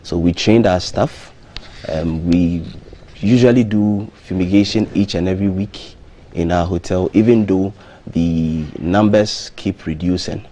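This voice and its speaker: A man, a hotel marketing manager, interviewed as a guest on a live breakfast TV show, speaking in a measured way with frequent ums and restarts. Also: sits low, mellow. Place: TV studio.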